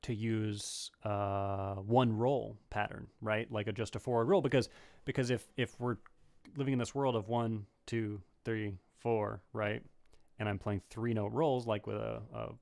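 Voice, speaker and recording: A man's voice: on the low side, little pitch movement, a little slow, vocal fry, darkish tone. A man answering viewers' questions in a casual livestream banjo lesson, thinking aloud with many fillers and restarts. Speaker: banjo teacher. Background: banjo playing between phrases.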